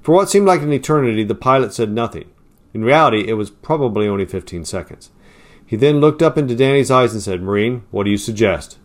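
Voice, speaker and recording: A man's voice: lively intonation, quick pace. A man reading a war story aloud as narrator, in a plain storytelling manner. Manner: raises pitch and volume for quoted lines, drops low and quiet for tags.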